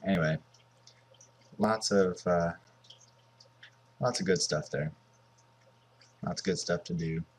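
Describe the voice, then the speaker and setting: A man's voice: low voice, takes it slowly, pauses often, breathy edge. A man in his twenties from Southern California, giving casual, rambling commentary over a mobile game. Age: 20s. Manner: rambling and offhand.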